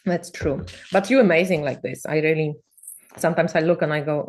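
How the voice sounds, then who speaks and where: A woman's voice: low voice, fast, a little mellow. A woman chatting casually on a video call, teasing a friend, swearing freely and laughing often. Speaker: co-host.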